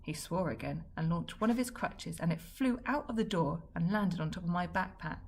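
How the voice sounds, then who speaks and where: A woman reading a children's book aloud in a wry, lively storytelling manner. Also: on the low side, normal speed, vocal fry, slight background noise. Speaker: story reader.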